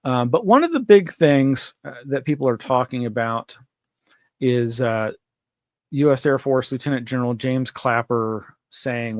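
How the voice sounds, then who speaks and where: A man's voice: medium pitch, expressive, unhurried, no echo. Chatty male news host, dry sound. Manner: chatty, meandering, laughs often. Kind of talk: casual news commentary.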